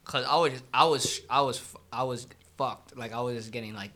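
Candid man with a bright voice. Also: mid-range voice, a little fast. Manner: candid, profane, trails off. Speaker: podcast co-host. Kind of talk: casual chat.

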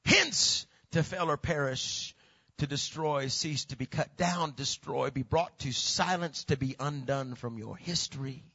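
A man preaching a sermon who swings from hushed tones to shouting and repeats words for emphasis. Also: mid-range voice, unhurried, breathy edge, lo-fi sound. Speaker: pastor.

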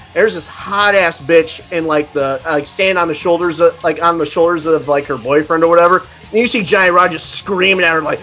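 A man co-hosting a podcast, ranting bluntly and profanely as he tells animated stories. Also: high-pitched, fairly quick, hardly any pauses, faint music behind. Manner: animated storytelling. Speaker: podcast co-host reviewing an album. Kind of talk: casual podcast chat.

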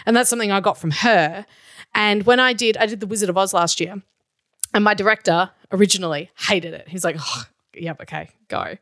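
A woman's voice: medium pitch, fairly quick, fairly bright tone, dry recording. A woman co-hosting a podcast, chatting enthusiastically and laughing often. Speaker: podcast co-host. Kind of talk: casual chat about musical theatre.

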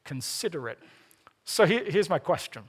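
A man's voice: fairly high pitch, sing-song, normal speed, breathy edge. A man preaching a sermon, earnest with playful asides, often repeating the first word of a phrase. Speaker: pastor.

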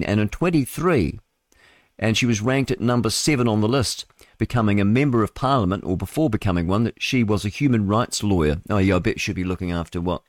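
Reading out news stories, this talk radio man riffs solo with mocking, meandering commentary and little chuckles on the side. His voice sits fairly low, and no room sound comes through.

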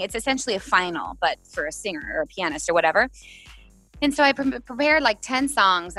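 Animated young woman telling a story. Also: fairly low pitch. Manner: animated, laughing, acts out quoted voices. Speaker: singer-songwriter guest. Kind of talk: casual storytelling on a video call. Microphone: video call.

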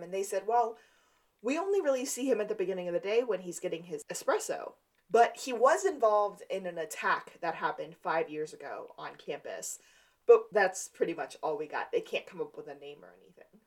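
A woman co-host in casual podcast chat, walking through the plot and slipping into quoted lines for the characters. Her voice sits at a middle pitch for a woman. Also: expressive, brisk. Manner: retells scenes, acting out quoted lines.

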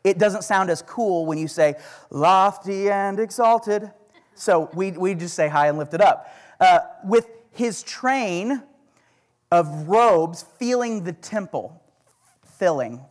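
High-voiced pastor with an Oklahoma accent. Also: male voice. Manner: relaxed and conversational, reading scripture slowly with emphasis. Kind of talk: sermon with scripture reading.

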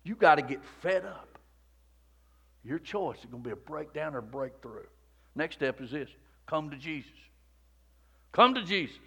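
Guy preaching a sermon, high voice, bright and forceful, repeats lines over and over, goes from shouting to almost whispering. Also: animated, moderate pace, long pauses, husky. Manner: repetitive preaching cadence, swinging from shouted peaks to hushed near-whispers. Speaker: pastor.

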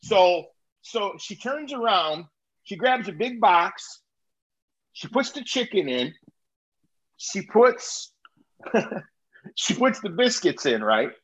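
High-voiced man telling a profane story. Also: slow, long pauses, slightly rough. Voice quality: profane, animated, laughs while telling. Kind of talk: casual storytelling chat. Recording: slightly muffled recording.

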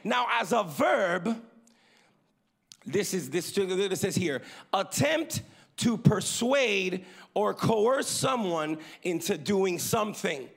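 A male pastor preaching a sermon, calling for amens from the congregation and moving between loud emphasis and quiet asides. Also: high-pitched, big pitch swings, slow, vocal fry, husky. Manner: preaching with call-and-response to the congregation.

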